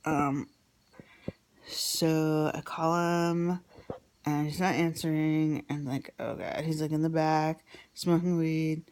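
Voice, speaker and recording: A woman's voice: deep voice, level tone, slow, darkish tone, smooth. A woman vlogger telling a personal story in a rambling, casual way with many fillers, sometimes dropping to a whisper.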